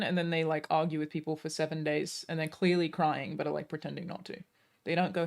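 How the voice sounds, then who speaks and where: A woman's voice: sits low, flat delivery, a little fast. A woman streamer in casual chat, blunt and exasperated, swearing freely.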